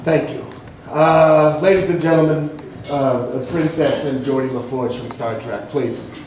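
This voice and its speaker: A male comedian doing a stand-up routine on a club stage, loud and punchy with stammering restarts. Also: fairly high pitch, fairly even intonation, measured pace, slight background noise. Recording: echoey club from far off.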